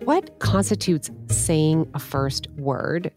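A woman hosts a parenting chat, asking questions and summing up her guests' points. Her voice is fairly low and dry, and faint music plays behind her. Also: moderate pace, darkish tone. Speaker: podcast host. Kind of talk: casual chat.

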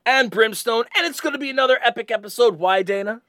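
A man co-hosting a podcast in casual chat, excitable and rambling, often repeating himself. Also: extremely high pitch, fast, no echo, studio quality. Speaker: podcast co-host.

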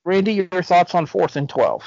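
A man hosting a casual sports podcast, chatty and quick to joke, on dull, dry lo-fi audio. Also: high-pitched, very animated, creaky, darkish tone, no room sound. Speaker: host.

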